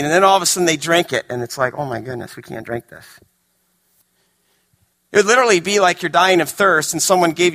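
A male pastor preaching a sermon, swinging dramatically between emphatic, raised lines and hushed, quiet ones. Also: on the high side.

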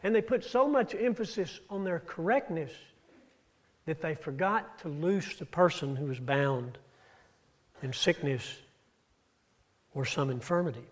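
Male preacher, slightly high voice, storytelling sermon delivery with rises and drops. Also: measured pace, long pauses. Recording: audio-only church recording.

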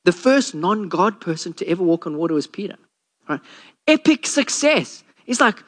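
Guy preaching, kinda higher voice, tells stories and does little voices for people. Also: lively intonation, moderate pace, a bit bright. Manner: storytelling, acts out quotes with a lowered voice. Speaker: pastor. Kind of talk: sermon.

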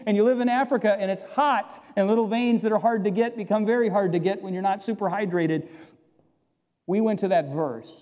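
High-voiced man preaching in an echoey hall. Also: mellow. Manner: emphatic preaching with drawn-out pauses. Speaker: pastor. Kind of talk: sermon. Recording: echoey hall with long reverb.

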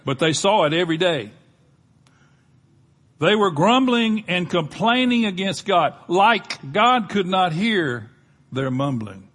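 A man's voice: sits high, sing-song, takes it slowly, a bit bright. An older man with a Southern US accent preaching a sermon, folksy and conversational, with touches of humor. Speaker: pastor.

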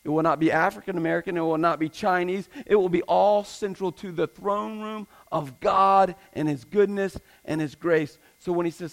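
A man's voice: high voice, normal speed, gravelly, few pauses, low-quality recording. A man preaching a sermon as pastor, emphatic, repeating his points and asking the congregation rhetorical questions.

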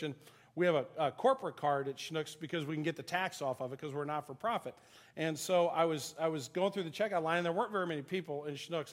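Pastor preaching in a conversational, self-deprecating way. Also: male voice, on the high side, a bit bright. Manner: conversational storytelling, self-deprecating, laughs at himself. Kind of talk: sermon. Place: church sanctuary.

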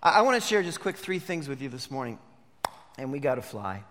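A pastor preaching a sermon, moving between hushed reflection and emphatic declarations. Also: male voice, medium pitch, sing-song, brisk, long reverb tail, a little hiss or hum.

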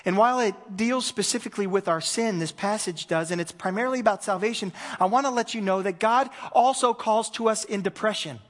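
A man, a pastor preaching a conversational sermon, swinging between loud emphasis and hushed moments. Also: sits high, a little fast, few pauses, big-room sound.

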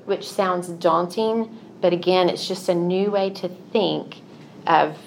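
A woman's voice: on the low side, takes it slowly, gravelly, a little hiss or hum. A middle-aged woman giving a Christian teaching talk, telling personal stories in an earnest, confessional way. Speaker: Christian speaker.

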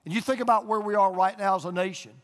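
A man's voice: high voice, fairly even intonation, fast talker, in a large hall. An older man preaching a sermon as pastor, a folksy storyteller who drives points home with emphatic repetition, speaking in a church auditorium to an audience there and online.

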